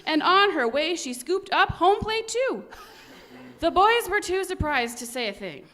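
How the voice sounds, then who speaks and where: A woman storyteller reading a children's picture book aloud to a congregation. Her voice is bright and ringing, swooping widely in pitch, and she takes her time. Animated and expressive throughout. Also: unhurried. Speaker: worship service storyteller. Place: church service.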